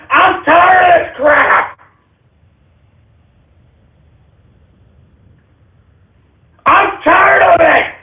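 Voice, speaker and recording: A man shouting a furious, repetitive rant at the top of his lungs. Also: extremely high pitch. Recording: echoey far-off phone-like audio.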